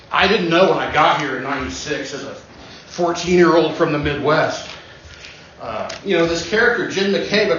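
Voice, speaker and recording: A man's voice: a little high, a bit bright, slight background noise. A man in his forties from Western Kansas, doing an open-mic stand-up set in a small cafe with a dry, rambling delivery. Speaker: stand-up comedian. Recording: echoey dull lo-fi room recording.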